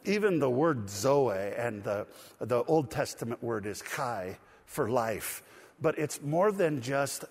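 A middle-aged male pastor preaching a conversational, animated sermon with light humor and asides. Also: medium pitch, breathy edge, big-room sound. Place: church.

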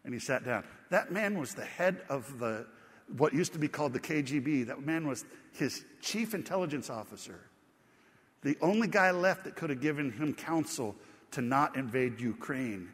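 A man preaching a sermon as pastor, telling stories in a conversational, animated way. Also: medium pitch, in a large hall.

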